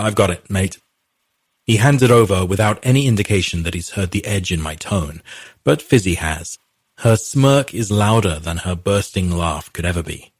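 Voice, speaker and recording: Man, audiobook narrator, first-person romance, very deep, husky, dry close recording. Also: dry recording. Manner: measured, intimate storytelling.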